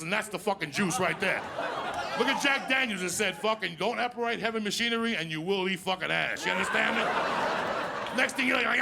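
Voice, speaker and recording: A man doing a crude stand-up set, telling stories loudly and asking the crowd "you understand me?" again and again. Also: very high voice. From New Jersey. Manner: crude, loud, rapid storytelling, repeating "you understand me?". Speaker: stand-up comedian. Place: live comedy stage with audience. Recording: live stage mic with crowd noise.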